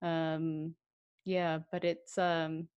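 A woman with a fairly low voice hosting an interview. She asks unhurried, gentle questions and affirms what her guest says. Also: little pitch movement, clean tone, highs cut off. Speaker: podcast host. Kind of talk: conversational interview.

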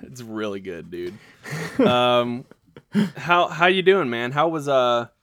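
Casting: male podcast co-host, mid pitch, dry close mic, teasing crude humor. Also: slow pace, fairly bright tone, smooth, no echo. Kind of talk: casual podcast banter.

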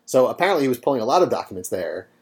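A man's voice: mid-range voice, sing-song, rapid-fire. Laid-back man recapping a show. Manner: laid-back, sarcastic, many ums. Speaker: podcast co-host. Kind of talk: casual chat recapping a TV episode.

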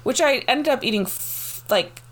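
She is a woman in her thirties, chatting casually and spinning a long story full of giggles and swearing. Her voice is a touch higher than most and swoops up and down with every turn of the tale. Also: normal speed, background noise. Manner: animated, giggly, swears freely.

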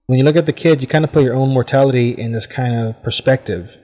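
A man's voice: mid-range voice, fast, mellow, long reverb tail. Rambling, thoughtful American man hosting a podcast. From United States. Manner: rambling, thoughtful, many "I mean" fillers. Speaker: podcast host. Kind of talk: casual reflective monologue. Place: hot room at home with fans running.

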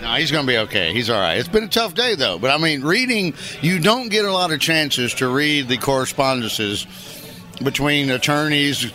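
A man's voice: on the high side, big pitch swings, normal speed, bright, forceful tone, soft background music. A man on a podcast, chatting in a wry, rambling way. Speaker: podcast guest. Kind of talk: casual chat.

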